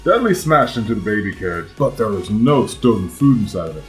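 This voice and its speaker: A man reading a children's picture book aloud as host, in an expressive, animated storytelling manner. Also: lowish voice, fairly quick, soft background music. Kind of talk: children's read-aloud narration.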